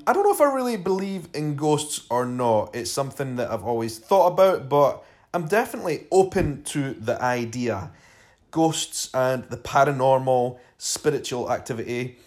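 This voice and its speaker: A man from Scotland with an Edinburgh accent, hosting his podcast and telling a personal story in a casual, chatty way. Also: mid-range voice. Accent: Scottish, Edinburgh. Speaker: podcast host.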